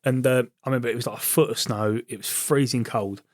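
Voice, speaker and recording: Fast-talking army veteran. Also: male voice, mid-range voice, fairly even intonation, no room sound, studio quality. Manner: quick, chatty, laughs at his own stories. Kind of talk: casual podcast chat, storytelling.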